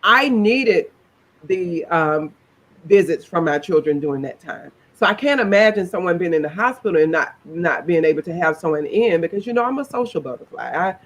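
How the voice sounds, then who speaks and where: A woman's voice: fairly low pitch, lively intonation, moderate pace, poor audio. A middle-aged woman, telling her own story in a chatty interview and laughing as she goes. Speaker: interview guest.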